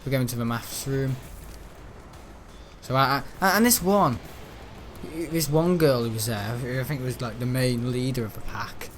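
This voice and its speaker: A young gaming channel host, speaking a little slowly in a medium-pitched, fairly bright voice, tells school stories as he games and mimics the people he mentions. His chat rambles casually, with slight background noise.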